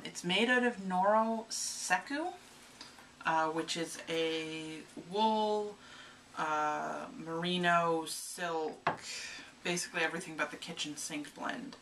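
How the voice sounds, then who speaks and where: A woman's voice: low-pitched, slow pace, a bit bright. A woman co-hosting a casual knitting podcast, playful and rambling, with many "um"s. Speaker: podcast co-host. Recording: distant mic with faint room noise.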